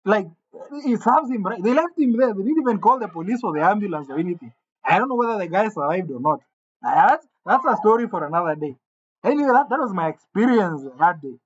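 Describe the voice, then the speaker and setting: A man telling a comic gossip story in an animated way, stammering over restarts and jumping suddenly into quoted voices. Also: high voice, a little fast. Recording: dull lo-fi sound.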